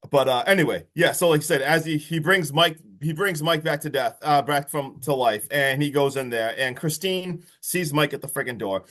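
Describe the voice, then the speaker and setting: A man co-hosting a podcast, recapping a horror movie in an excitable, casual chat full of swearing and "like". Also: fairly high pitch, normal speed, few pauses. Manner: excitable, swears freely, heavy use of "like". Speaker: podcast co-host.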